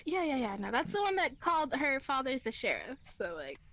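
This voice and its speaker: High bright animated young woman. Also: brisk, no room sound. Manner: animated, swearing, acts out quotes. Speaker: storyteller. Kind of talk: casual storytelling chat.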